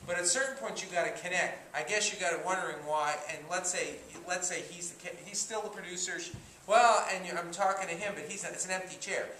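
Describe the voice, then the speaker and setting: A man teaching an acting class, talking in an animated way and stopping often to act out lines as examples. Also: high-pitched, fast talker, few pauses. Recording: echoey room from far off, faint noise.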